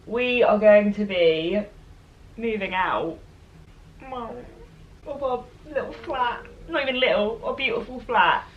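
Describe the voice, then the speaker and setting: A woman's voice: a little high, fairly bright tone, lo-fi sound. A young woman in her twenties, chatting casually and giggling on a sit-down vlog. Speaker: vlogger. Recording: faint background noise.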